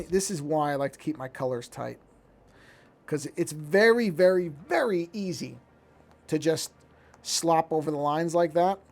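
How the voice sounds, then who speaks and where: A man with a somewhat high, gravelly voice talks casually as he works on a drawing. He muses aloud, picks at his own mistakes and often trips into restarting his sentences. Faint music plays underneath. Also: darkish tone. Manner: musing, self-critical, restarts sentences. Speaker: streamer. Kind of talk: casual talk while drawing.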